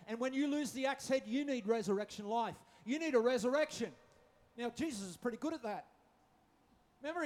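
A man's voice: very high-pitched, a little mellow. A man preaching a sermon, joking with his listeners and repeating his phrases. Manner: humorous, acting out quotes, repeats phrases.

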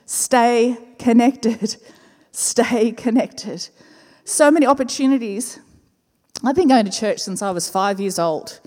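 A woman, a pastor telling a personal story in a sermon, expressive and slowing down to repeat key words. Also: on the high side. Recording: reverberant church hall with faint music.

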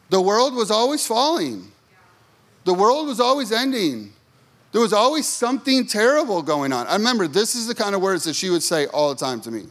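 Guy preaching, kinda high voice, swoops up and down a lot, tells stories and asks the crowd stuff. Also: fairly bright tone. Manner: chatty, storytelling, asks the congregation questions. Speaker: pastor. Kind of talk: sermon.

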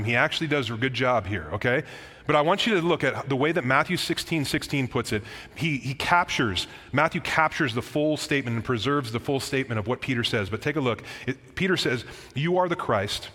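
A man's voice: mid-range voice, bright, forceful tone. A man preaching a sermon as pastor, earnest and emphatic, with casual asides to the congregation. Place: church sanctuary. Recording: church hall reverb.

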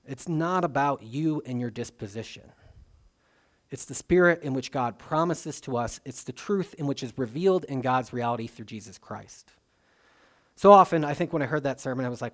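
A man's voice: mid-range voice, expressive, normal speed, a bit bright. Conversational male pastor preaching. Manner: conversational, dynamic, with frequent fillers and restarts. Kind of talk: sermon.

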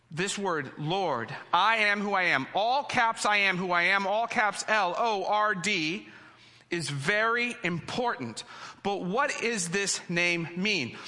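A middle-aged man preaching a sermon, teaching in a playful, animated way and drawing the congregation into call-and-response. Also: high voice. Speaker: pastor. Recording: long hall reverb.

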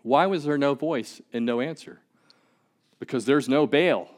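A man's voice: medium pitch, a little slow. Male pastor, mid-range voice, conversational but emphatic sermon delivery. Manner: conversational and emphatic, with repeated words.

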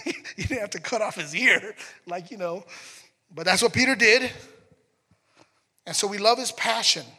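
A man preaching a sermon in a conversational, animated way, acting out scenes as he goes. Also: high voice, big-room sound. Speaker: pastor.

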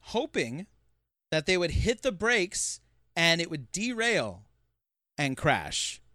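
A man co-hosting a podcast, recapping a film in casual chat, animated, acting out quotes and laughing often. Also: a little high, slow pace, no room sound, clean studio sound. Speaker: podcast co-host.

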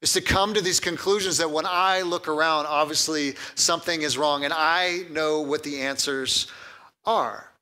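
A man preaching a sermon with a bright, ringing voice pitched a touch high. He talks casually and with animation, repeating his words as he goes and dropping in light humor. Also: steady tone, normal speed. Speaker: pastor.

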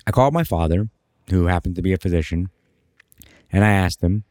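Low-voiced man telling a road story. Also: fairly quick, long pauses, no room sound, clean studio sound. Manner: animated, emphatic storytelling with big rises for emphasis. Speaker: podcast co-host. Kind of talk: casual storytelling.

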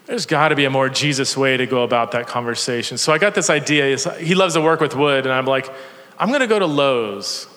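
A man's voice: mid-range voice, fast talker, few pauses, fairly bright tone. A man preaching a sermon in a church, telling stories with energy and self-deprecating humor. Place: church sanctuary. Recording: long church hall reverb.

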